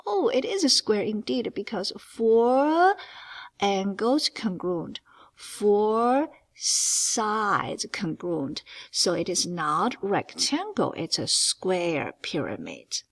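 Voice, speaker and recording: Slow, lively-voiced woman math teacher. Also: mid-range voice, creaky, breathy edge. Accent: non-native English. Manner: emphatic, stretches key words, lively ups and downs. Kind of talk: geometry lesson walkthrough.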